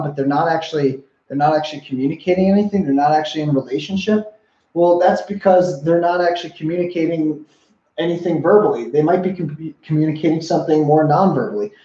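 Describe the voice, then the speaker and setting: A man's voice: fairly high pitch, mellow, reverberant, muffled recording. A young adult man, a relationship coach, teaching listening skills in an earnest, repetitive way and often putting questions to the viewer. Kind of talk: whiteboard-style teaching talk.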